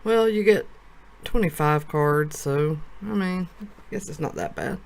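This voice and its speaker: A woman from a card shop talking casually as she opens a box of trading cards, thinking aloud, her voice low with early morning. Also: measured pace, vocal fry, a little mellow. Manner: chatty, thinks aloud while sorting cards.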